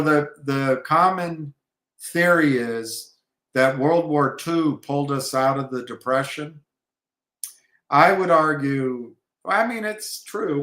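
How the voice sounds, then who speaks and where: A man talks through markets and trading in a loose, rambling way, stopping and restarting his sentences as he goes. He speaks slowly and unhurriedly at a middling pitch, and the room around him gives the voice a noticeable echo. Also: a bit bright. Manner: halting, many restarts and fillers. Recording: echoey room.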